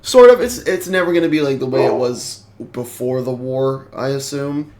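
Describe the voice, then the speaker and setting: A man giving a casual movie review, rambling, excitable and swearing freely. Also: mid-range voice, moderate pace, noisy background.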